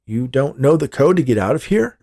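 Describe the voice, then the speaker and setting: A man's voice: mid-range voice, big pitch swings, a little fast, pitched above the performer's own voice. A man voicing an escaped male convict who is desperate and demanding. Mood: incredulous. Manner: demanding, rising to shouts.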